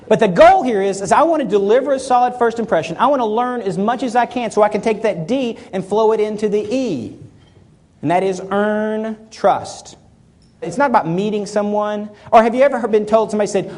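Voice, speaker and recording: A man's voice: high-pitched, a little fast, a little mellow. A man giving a keynote talk on stage to a live audience, acting out little scenes in quoted voices. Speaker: keynote speaker.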